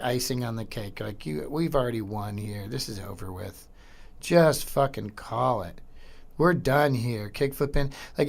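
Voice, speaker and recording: A middle-aged man hosting a podcast, commenting casually and excitedly over old skateboarding footage, slangy and swearing. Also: mid-range voice. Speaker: podcast host.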